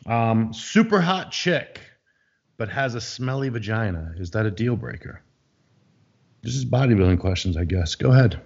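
A young man with a husky, fairly low voice jokes around on a podcast and reads out listener questions. His pitch moves a lot and he pokes fun at himself. The sound is slightly dull and lo-fi. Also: lively intonation, moderate pace. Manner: jokey, self-mocking, reads listener questions. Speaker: podcast co-host. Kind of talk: casual chat.

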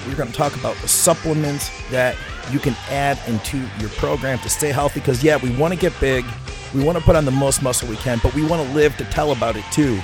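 A man hosting a fitness podcast, upbeat and hyping the show, swearing casually as he introduces his guests and asks questions. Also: fairly high pitch. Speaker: podcast host. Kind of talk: energetic show intro and interview.

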